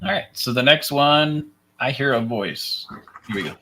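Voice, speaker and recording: A man's voice: medium pitch, moderate pace, sharp tone, a little hiss or hum. A man hosting a paranormal talk show, enthusiastically cueing up and replaying audio clips. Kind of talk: casual chat.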